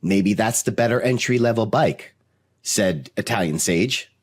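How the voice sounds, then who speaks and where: A man's voice: fairly low pitch, unhurried, slightly rough. A man co-hosting a podcast in casual chat, playful and teasing as he argues points. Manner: playful, teasing, plays devil's advocate. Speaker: podcast co-host.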